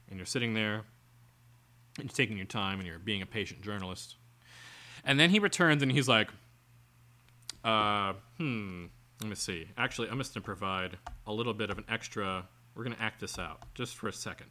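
A man's voice: on the low side, animated, moderate pace, long pauses, pushed and bright. A man co-hosting a podcast, reading an article aloud and breaking off into sarcastic, exasperated asides. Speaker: podcast co-host.

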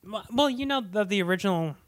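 A man's voice: sits high, lively intonation, fast, dry recording, studio quality. A man co-hosting a podcast, chatting casually about a movie, laughing often and slipping into quoted voices. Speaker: podcast co-host.

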